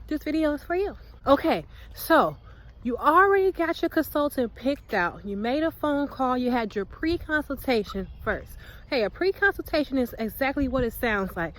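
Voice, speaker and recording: A young woman giving casual vlog advice in an animated, chatty, slangy way. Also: high voice, low-quality recording. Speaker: hair vlogger. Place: outdoors walking.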